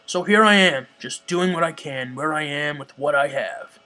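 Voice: medium pitch, moderate pace, sharp tone, lightly acted. A gamer reading aloud the game lines of a humble village craftsman, plainly. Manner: plain, matter-of-fact reading.

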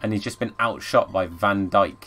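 Chatty streamer, game commentary. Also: male voice, on the low side, normal speed. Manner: chatty, bursts into excited shouts at the play. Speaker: gaming streamer. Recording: faint background music.

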